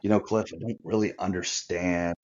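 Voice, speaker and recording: A man's voice: deep voice, steady tone, moderate pace, darkish tone. A middle-aged man, a retired Marine officer, telling an anecdote in a chatty way on a podcast. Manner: chatty anecdotal delivery with fillers. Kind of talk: casual storytelling. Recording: muffled lo-fi audio.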